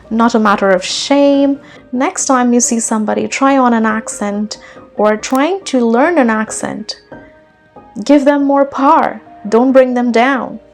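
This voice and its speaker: A young woman from India with a blend of British and American accent, earnestly narrating a personal story as an English accent tutor. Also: on the high side.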